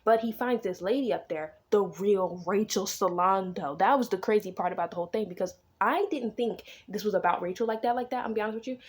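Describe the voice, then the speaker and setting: A woman in a relaxed book vlog, talking through the plot like she's gossiping with a friend. Her retelling is chatty and animated, sprinkled with swearing and quick asides, at an ordinary middle pitch for a woman. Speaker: vlogger recapping a book. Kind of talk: casual book-reading vlog chat.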